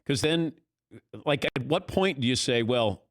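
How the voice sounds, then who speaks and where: A middle-aged man hosting sports talk radio, telling stories with lively energy and acting out his own past thoughts. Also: a little high, normal speed, no room sound, studio quality.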